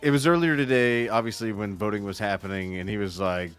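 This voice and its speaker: A man's voice: fairly low pitch, a little fast, hardly any pauses, clear, resonant tone, faint music behind. A man co-hosting a drinking livestream, rambling and joking with crude humor. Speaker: podcast co-host. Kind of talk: casual livestream banter.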